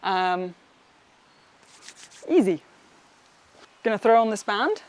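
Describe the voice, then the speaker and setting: A woman's voice: medium pitch, expressive, takes it slowly. A young woman fitness vlogger chats through her home workout, upbeat and encouraging. She teases herself lightly and talks to her viewers like friends. Part of the session is recorded outdoors. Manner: chatty, upbeat, encouraging, self-teasing. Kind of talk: casual motivational workout vlog.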